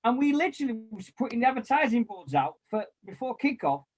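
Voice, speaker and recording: A man, chatting casually and telling lively anecdotes with mild swearing and quoted voices. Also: very high-pitched, quick pace. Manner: animated storyteller, mild swearing, acts out quotes. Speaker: former club volunteer and kit man.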